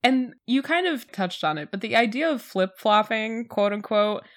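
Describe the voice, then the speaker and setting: A woman's voice: a little high, lively intonation, normal speed. A young woman co-hosting a podcast, chatting casually in a rambling way with frequent laughter. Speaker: podcast co-host. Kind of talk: casual chat.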